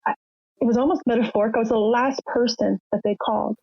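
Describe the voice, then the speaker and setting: A woman's voice: a little high, fairly even intonation, fast, creaky, darkish tone, slightly rough, no echo. An older woman telling her personal story as a podcast guest, candid and emotional, acting out the voices of the people in it. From Canada. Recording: muffled lo-fi sound, dry.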